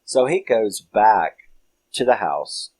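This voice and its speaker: A film reviewer casually recaps a movie's plot, rambling loosely with frequent "you know" fillers and laughing often as he retells it. His lowish, sing-song voice is slow and darkish, and the recording is dry.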